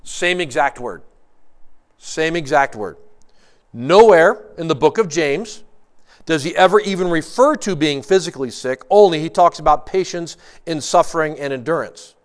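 A man preaching a sermon, earnest and emphatic, asking rhetorical questions and moving between quick bursts and slow, stressed phrases. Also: on the high side, lively intonation. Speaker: pastor.

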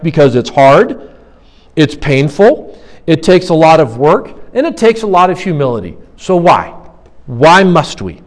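A man preaching a sermon, an earnest pastor who keeps asking questions out loud to his congregation. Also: a little high. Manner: earnest, asks many rhetorical questions.

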